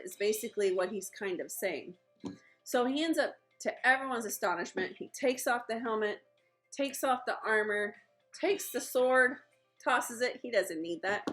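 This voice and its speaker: A young woman teaching children in a lively, chatty way, retelling a Bible story and acting out the characters' lines. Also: on the high side, normal speed, soft background music, rough recording. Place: at home.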